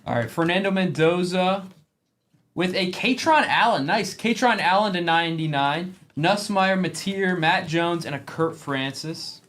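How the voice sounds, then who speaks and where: A man's voice: high voice, expressive, fairly bright tone. A man hosting a live sports card break, reading off player names from the cards he opens. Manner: rapid name roll-call of cards.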